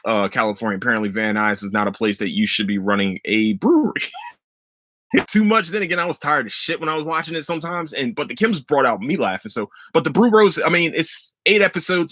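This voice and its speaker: A man hosts a laid-back solo podcast and rambles through his thoughts with loose, profane excitement. His voice has a bright, forceful edge. The recording is dry and close, with no room sound. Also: mid-range voice, no echo. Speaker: podcast host. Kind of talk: casual solo podcast chat.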